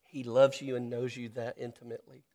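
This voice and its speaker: A man preaching a sermon, earnest and personal, slowing down to stress key phrases. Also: mid-range voice, level tone, warm tone. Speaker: pastor.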